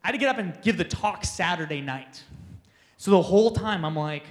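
A man speaking at a youth conference in a notably high-pitched voice. He tells self-deprecating stories with lots of energy and laughs through the funny parts. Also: expressive, fairly quick, long reverb tail. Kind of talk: storytelling talk to teens.

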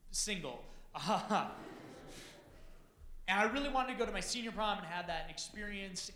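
A man telling a comic personal story to an audience, animated and self-deprecating, acting out the dialogue. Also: high voice, echoey room, slight background noise. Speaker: speaker addressing an audience.

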